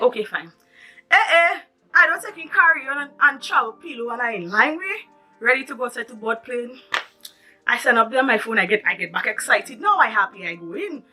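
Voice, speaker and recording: A woman with a Caribbean English accent, telling a storytime vlog in an animated, emphatic way. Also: a little high. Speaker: vlogger.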